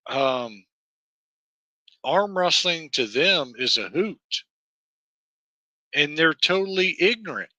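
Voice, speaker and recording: A Southern American livestream host rants slowly and profanely, rambling through fillers and restarts. His slightly high voice is very bright and cutting, captured close and totally dry with no room sound at all.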